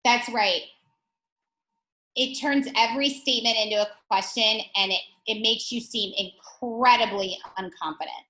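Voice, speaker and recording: A woman instructor teaching an online presentation workshop over a video call, speaking in a direct and energetic way with frequent restarts. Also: a little high, moderate pace, reverberant, low-quality recording.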